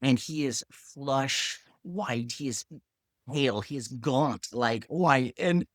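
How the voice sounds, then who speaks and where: A man, a pharmacist, telling a story in a casual, animated way, acting out other people's lines and saying "like" a lot. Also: mid-range voice, takes it slowly, no room sound, studio quality.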